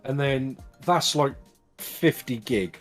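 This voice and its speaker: Brief: mid-pitched guy, rambling gamer buddy, faint music under him. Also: expressive, slow pace. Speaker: gaming friend. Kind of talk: casual gaming chat.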